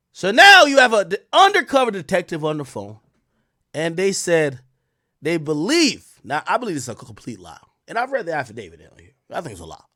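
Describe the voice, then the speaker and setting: A man giving sarcastic live-stream commentary, mocking as he goes, jumping between loud outbursts and muttered asides. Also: on the high side, no room sound, studio quality.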